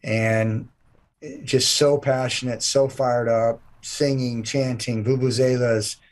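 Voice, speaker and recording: A man's voice: mid-range voice, steady tone, slow pace. A man guesting on an interview, talking with enthusiasm in long run-on sentences. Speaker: event promoter guest. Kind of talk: casual interview chat.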